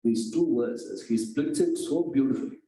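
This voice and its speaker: A man's voice: mid-range voice, moderate pace, mellow. A man teaching a scripture class, asking his students rhetorical questions. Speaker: Vedanta teacher. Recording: echoey room.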